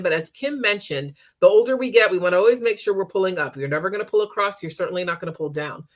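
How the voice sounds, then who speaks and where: Woman, lowish voice, chatty makeup demo with lots of check-ins. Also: a bit bright. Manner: chatty, checks in with frequent "okay?". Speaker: makeup demonstrator. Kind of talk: live makeup tutorial.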